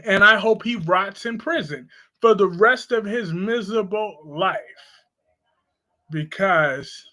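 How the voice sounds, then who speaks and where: A man's voice: high-pitched, slow. A man hosting a live stream, chatting casually and sassily while answering his chat. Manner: sassy, expressive, answering chat.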